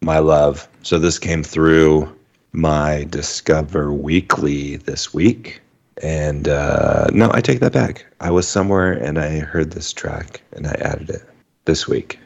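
A man with a remarkably deep, low voice chats casually as a podcast co-host. His talk is loose, profane and quick to get excited, joining the others over a remote call. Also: creaky. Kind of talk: casual chat.

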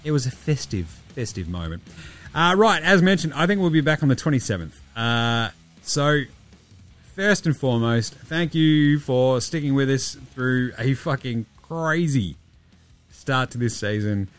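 A man's voice: mid-range voice, expressive, unhurried. Aussie guy in his 30s, tipsy, swearing nonstop, rambling podcast sign-off chat, faint music behind. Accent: Australian. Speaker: podcast host.

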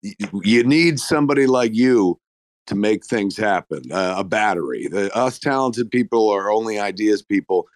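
Male guest, low voice, effusive and profane, bursty delivery, dry close mic. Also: lively intonation, moderate pace, dry recording. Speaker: guest filmmaker on a live audio stage. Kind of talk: casual chat.

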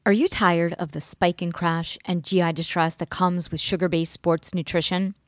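A woman hosting a podcast, asking questions in a clear, upbeat delivery. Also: lowish voice, fairly even intonation, normal speed, dry recording, studio quality. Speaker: podcast host. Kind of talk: interview questions and read sponsor spots.

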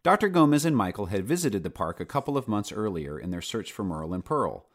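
Man, low voice, very lively pitch, storybook narration, playful asides. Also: fairly quick. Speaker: audiobook narrator.

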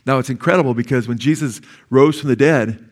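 A man preaching a sermon as pastor, conversational and excitable, with casual asides to the congregation. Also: mid-range voice, fairly quick.

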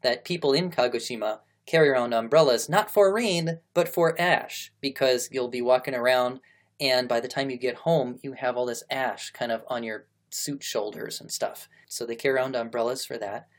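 A man's voice: medium pitch, moderate pace. A man reading a historical article aloud, breaking off with chatty asides to explain terms. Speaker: reader and host.

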